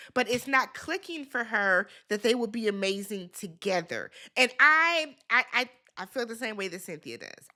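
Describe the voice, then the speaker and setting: A woman with a slightly high, sharp voice recaps a reality dating show with casual sass, talking back to the people on screen. She chats along with laughs and filler words.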